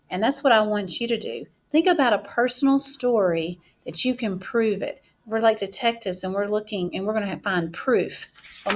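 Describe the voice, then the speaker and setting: A woman teacher giving a classroom writing mini-lesson, speaking slowly and deliberately as she writes each word aloud. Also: mid-range voice.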